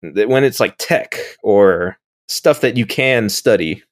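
A man's voice: on the low side, lively intonation, slow pace, no room sound, studio quality. A man co-hosting a podcast in casual chat, thoughtful and hedging as he works through a point. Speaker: podcast co-host.

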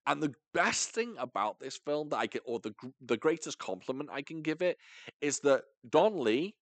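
A man's voice: a little high, very animated, normal speed, no room sound. A man hosting a podcast, chatting casually and with enthusiasm about a film, with rambling asides. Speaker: podcast host. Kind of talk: casual film review chat.

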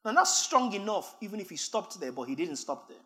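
A man preaching a sermon, reading scripture aloud and building from calm teaching to emphatic shouting. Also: high voice, fairly quick, crowd noise.

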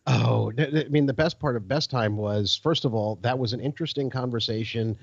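A man's voice: mid-range voice, a little fast, creaky, dry recording. A man co-hosting a podcast in casual chat, speaking with a wry, dry humor. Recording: dull, lo-fi, dry.

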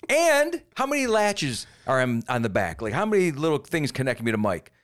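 A man co-hosting a casual comedy podcast, animated and profane, bursting into loud mock-defiant outbursts. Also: medium pitch, moderate pace. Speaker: podcast co-host.

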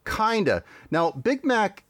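A man's voice: sits high, sing-song, slow, fairly bright tone, no room sound, clean studio sound. A man hosting a podcast, chatting casually with many fillers and restarts. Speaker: podcast host.

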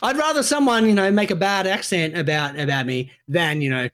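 A man's voice: high voice, a little fast, a bit bright. A man co-hosting a podcast, sarcastic and profane, putting on mock outrage. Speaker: podcast co-host. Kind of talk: crude comedic banter.

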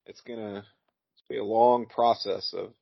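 A man's voice: fairly low pitch, fairly even intonation, normal speed, gravelly, slightly rough. A man guesting on a podcast, rambling with dry jokes and lots of fillers. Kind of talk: casual live-watch chat. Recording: dull lo-fi sound.

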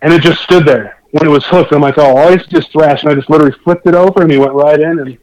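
Excitable man telling a fishing story. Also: fairly high pitch, very fast, no echo, rough recording. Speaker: guest angler. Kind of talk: casual storytelling chat.

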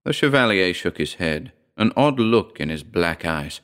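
Low, smooth-voiced male horror narrator. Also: sing-song, a bit bright. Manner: measured, first-person storytelling. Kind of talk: audiobook reading of a horror short story.

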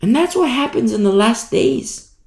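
Male preacher, gravelly and animated, lively pitch, echoey room sound. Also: normal speed. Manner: animated storytelling, acts out shouted warnings. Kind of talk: sermon.

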